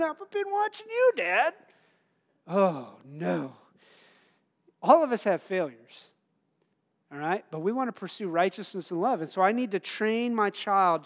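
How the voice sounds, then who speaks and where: A middle-aged man preaching a sermon in an earnest, conversational way, laughing at himself now and then. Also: high-pitched.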